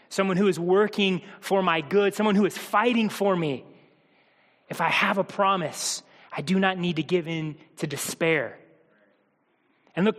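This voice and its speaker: A pastor with a somewhat bright, high-sitting voice jokes and talks informally as he preaches to the people in his church. The church hall gives the recording a long reverb.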